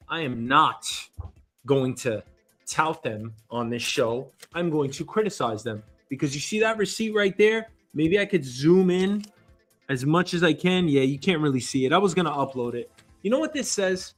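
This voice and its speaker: New guy ranting on his show, voice jumps all over, kinda high. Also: moderate pace, soft background music. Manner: animated, indignant storytelling. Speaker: show host. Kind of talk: casual ranting monologue. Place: New York.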